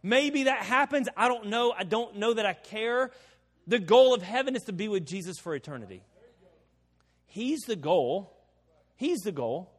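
A male pastor preaching a sermon in a conversational way, swinging between loud emphasis and quiet asides. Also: sits high, lively intonation, moderate pace, long reverb tail. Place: church sanctuary.

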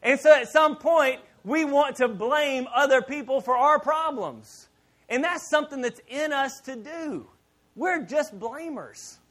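A man preaching a sermon in church as pastor, animated and joking with the congregation. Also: very high-pitched, measured pace.

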